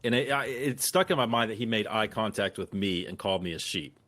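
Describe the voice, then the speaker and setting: A man with a somewhat low voice tells stories on a casual podcast. He is animated and profane, and he acts out what people said. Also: fairly quick. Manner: animated, profane anecdote-telling with acted-out quotes. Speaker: occasional co-host.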